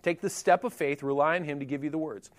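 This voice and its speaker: A middle-aged man preaching a sermon in a relaxed, conversational way, with jokey asides and lively emphasis. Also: fairly high pitch, quick pace. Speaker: pastor.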